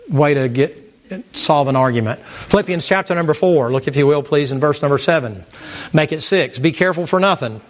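A man preaching a sermon to a congregation in a folksy, animated way, repeating words and mimicking sounds. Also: fairly high pitch. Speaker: pastor. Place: church sanctuary with congregation.

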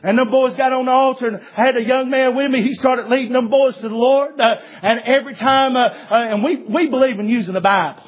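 A man preaching a sermon, telling a story in a folksy, repetitive way with many filler sounds and bursts of shouting. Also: very high voice, steady tone, a little fast, few pauses, husky, lo-fi sound.

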